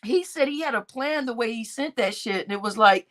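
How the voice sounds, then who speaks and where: A woman hosting a livestream, chatting casually and gossiping with viewers, often laughing and breaking into loud exclamations. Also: fairly high pitch, expressive, a little fast. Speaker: livestream host.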